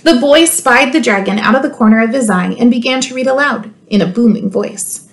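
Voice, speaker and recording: A woman school librarian reading a children's storybook aloud, expressive and playful, with teasing asides to her listeners. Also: on the high side, a little fast.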